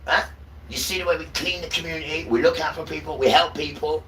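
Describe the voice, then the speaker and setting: A man's voice: fairly high pitch, steady tone, fast, fairly bright tone, recorded from a distance, rough recording. A man preaching and ranting to viewers on a livestream, often checking in with "right?".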